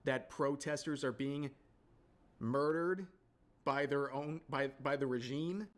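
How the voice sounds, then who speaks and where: A man hosting an online commentary video, narrating with outrage and addressing his viewers as ladies and gentlemen. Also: medium pitch, takes it slowly.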